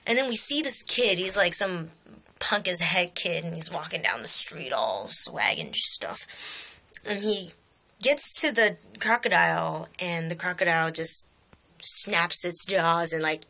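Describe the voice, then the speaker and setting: Bright-voiced young woman telling a dream. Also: normal speed. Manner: animated storytelling with quoted voices jumping high in pitch. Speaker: vlogger. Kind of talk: casual dream retelling to camera. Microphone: camera mic.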